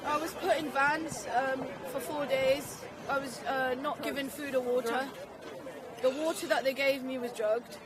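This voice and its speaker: A woman speaks slowly and haltingly at a street protest, her voice on the high side. Loud crowd noise carries on around her. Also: fairly even intonation. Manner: slow, halting. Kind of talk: personal testimony at a rally. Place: outdoors on a city street at a protest.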